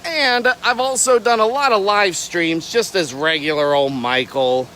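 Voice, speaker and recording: Playful and rambling, a young alligator keeper from Florida hops between tangents during a casual outdoor livestream. His high-pitched voice sounds pushed and bright at a measured pace, with slight background noise on a rough recording.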